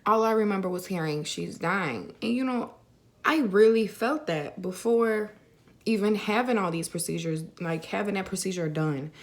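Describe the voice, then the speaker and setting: A young woman vlogger tells a personal story to camera in a chatty, casual way, packing her speech with "like" and "you know." Her voice sits in the mid range at a normal speed.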